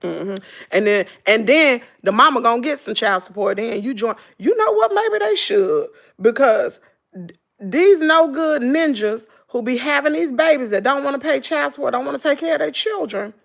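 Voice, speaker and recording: A middle-aged Southern woman with a fairly high, gravelly voice chats on her stream. She tells stories animatedly and addresses viewers as "girl" and "y'all". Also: expressive, moderate pace, fairly bright tone. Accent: Southern American English. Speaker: vlogger. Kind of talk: casual livestream chat.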